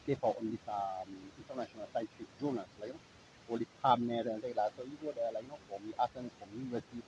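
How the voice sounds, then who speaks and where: A man's voice: medium pitch, fast talker, warm tone, lo-fi sound, slight background noise. A man from Eritrea, talking in a rambling, sarcastic monologue full of "like, you know". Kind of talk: casual monologue.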